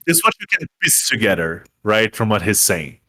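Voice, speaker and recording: A man's voice: on the low side, very animated, moderate pace, pushed and bright. A young man running a tabletop game as dungeon master, describing scenes in a rambling way full of fillers.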